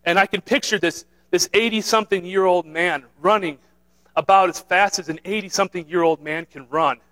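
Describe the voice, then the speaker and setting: A man's voice: high voice, fairly quick, bright, forceful tone, low-quality recording. A man preaching a sermon in an earnest way, repeating himself, restarting phrases and asking his listeners "right?". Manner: earnest, repetitive, with many restarts and "right?" tags.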